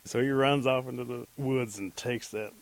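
A man telling a folk tale aloud in a relaxed, chuckling way, acting out the characters. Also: medium pitch, moderate pace, low-quality recording. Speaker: storyteller. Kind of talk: oral folk tale storytelling.

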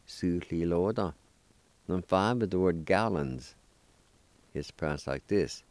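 Man, language lesson host, very deep voice, slow careful delivery, dry close sound. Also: lively intonation, darkish tone, no echo. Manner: slow, careful spelling and repeating of words. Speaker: language teacher and program host.

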